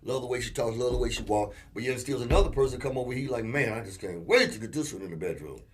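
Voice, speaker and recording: A man co-hosting a casual relationship talk show, telling animated stories and acting out quotes. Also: mid-range voice, quick pace, a little hiss or hum. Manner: animated storyteller, acts out quotes. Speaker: co-host.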